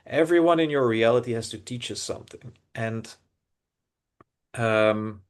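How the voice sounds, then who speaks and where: Earnest man musing with many restarts. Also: mid-range voice. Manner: earnest, searching, many restarts and repeated words. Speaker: podcast co-host. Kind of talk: reflective casual podcast talk.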